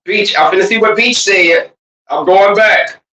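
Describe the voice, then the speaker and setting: A livestream host in casual chat with the viewers, loud, profane and teasing, who shouts now and then and drawls some words while rushing others. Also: mid-range voice. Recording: roomy, distant, dull lo-fi sound.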